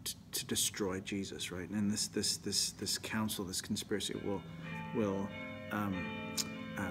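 A man, a priest, giving an animated, emphatic Bible teaching that often drops to a near whisper. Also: fairly low pitch, unhurried, over loud music.

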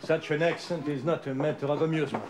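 A man's voice: fairly high pitch, fast talker, natural voice. A man playing a fussy schoolmaster. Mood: exasperated. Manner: fussy, theatrical, scolding. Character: fussy male French teacher, stern yet excitable. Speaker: French teacher. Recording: loud hiss of an old VHS tape.

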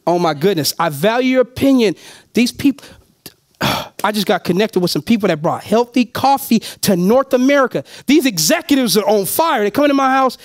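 A high-voiced man works a room full of listeners, his pitch leaping up and down as he sells them on a business. He talks in a loud, animated way, keeps calling out to the audience, and laughs often as he goes. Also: brisk. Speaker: motivational speaker at a business opportunity meeting. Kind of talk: energetic live sales pitch. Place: meeting room with a live audience.

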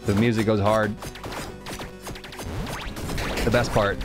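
A man's voice: on the low side, little pitch movement, slow pace. Chatty male game streamer. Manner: chatty, thanks viewers, muses aloud about items. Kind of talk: casual live game commentary. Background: game music.

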